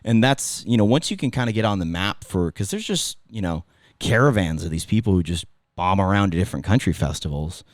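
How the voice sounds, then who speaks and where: A man's voice: low-pitched, animated, fairly quick, no room sound, studio quality. A middle-aged man with a Californian accent, a former radio host telling stories in a casual podcast chat, rambling and restarting his sentences. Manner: rambling, self-interrupting storyteller.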